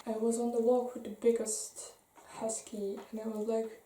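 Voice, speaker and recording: A woman's voice: on the high side, flat delivery, moderate pace, hardly any pauses, dark tone, recorded from a distance, slight background noise. A young woman telling a casual storytime, chatty and full of "like". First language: Dutch. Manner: chatty, lots of "like", laughs between lines. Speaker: vlogger. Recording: roomy sound, off-mic.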